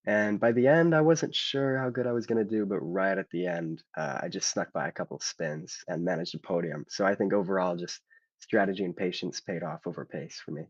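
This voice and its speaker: Male driver, very low husky voice on a dull lo-fi mic, hesitant answers. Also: a little fast, no room sound. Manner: hesitant, full of ums and likes. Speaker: race driver being interviewed. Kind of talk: casual interview answers.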